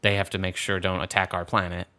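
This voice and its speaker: Low, bright-toned man talking movies. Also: quick pace. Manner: animated, acts out quoted voices. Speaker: podcast co-host. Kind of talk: casual movie chat.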